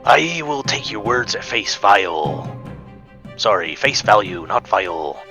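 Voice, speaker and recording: A man's voice: lowish voice, very animated, unhurried, bright, forceful tone, faint music behind, heavily acted. A man voicing a cocky human sled racer who talks down to his rival in a condescending, needling way. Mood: taunting. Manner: taunting, condescending.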